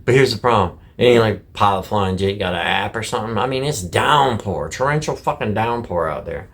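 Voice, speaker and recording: A middle-aged truck driver from Michigan, ranting casually to camera in blunt, heavily profane speech full of folksy slang. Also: male voice, fairly low pitch, lively intonation, a little fast, a bit bright. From Michigan, USA.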